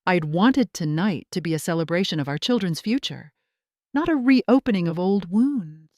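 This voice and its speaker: A woman narrating a first-person drama story in a steady, scripted storytelling delivery. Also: fairly low pitch, normal speed, no room sound, studio quality.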